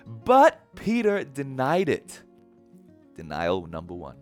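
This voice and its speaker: A man preaching a sermon in a casual, animated storytelling manner. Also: fairly high pitch, a little slow, faint music behind. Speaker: pastor.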